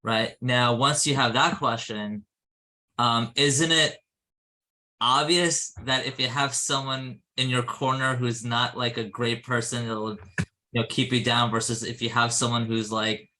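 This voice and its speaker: A man with a bright, forceful voice at mid pitch asks questions during a class. His talk rambles, filled with "like" and "you know.". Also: fairly even intonation, a little slow. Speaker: class participant. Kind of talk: casual class discussion.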